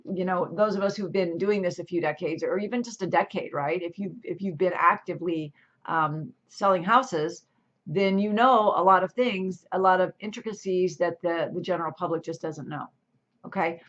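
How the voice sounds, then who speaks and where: A woman's voice: on the low side, moderate pace. A middle-aged woman from California hosting her own channel as a real estate agent, talking casually to the camera in a chatty way full of asides and restarts. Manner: chatty, self-interrupting, lots of asides. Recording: slightly dull lo-fi audio.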